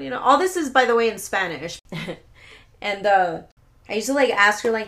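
A woman's voice: medium pitch, lively intonation, unhurried, fairly bright tone. Rambling, profane woman podcaster. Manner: rambling, profane, laughing asides. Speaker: podcast host. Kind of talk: casual solo podcast storytelling.

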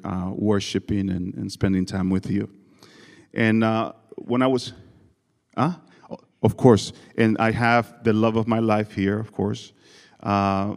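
A man preaches to a congregation, speaking English with a non-native accent and mixing jokes into his personal stories. His voice sits on the low side. Long reverb from a large church hall trails behind every phrase. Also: vocal fry. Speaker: guest preacher.

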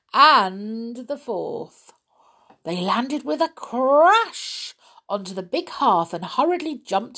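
A woman's voice: fairly high pitch, fairly bright tone. A woman reading a children's story aloud, taking her time over every line. Her voice swoops up and down expressively, and she stops now and then to chat with her young listeners.

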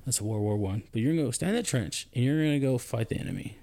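A man, a soldier and podcast co-host, telling a story in casual chat, his voice climbing high when he gets indignant. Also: fast talker, vocal fry. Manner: animated storytelling, rising pitch when indignant.

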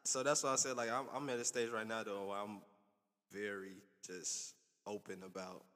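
A candid, laid-back man hosts a casual podcast, talking in loose slang. His voice sits low but sounds bright, and a long reverb trails behind it, as if he is in a big room. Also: flat delivery, normal speed. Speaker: podcast host.

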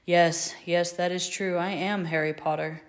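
A gentle adult man, as a woman reader puts him on, welcomes nervous children with a teasing solemnity. The voice sits low and friendly in a read-aloud story. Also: fairly even intonation, a little slow, natural voice. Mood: mock-solemn.

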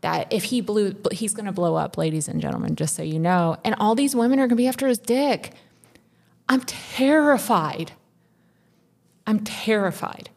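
A woman's voice: mid-range voice, a little fast, vocal fry, few pauses, dark tone. A woman co-hosting a podcast, pouring out a raw, intense personal confession with frequent swearing. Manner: raw, intense, profane, rising to tearful. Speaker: podcast co-host.

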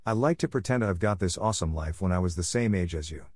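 A man voicing a kind young woman, a gentle librarian, in a reassuring tone. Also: deep voice, fast talker, husky, no room sound, clean studio sound.

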